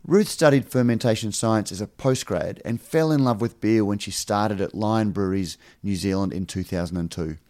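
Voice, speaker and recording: Relaxed male podcast host, low voice. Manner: relaxed, with filler words. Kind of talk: interview. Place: conference venue.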